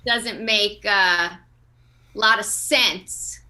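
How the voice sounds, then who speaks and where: Slow, bright-voiced woman comic. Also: medium pitch. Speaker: stand-up comic. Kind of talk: stand-up set over video call.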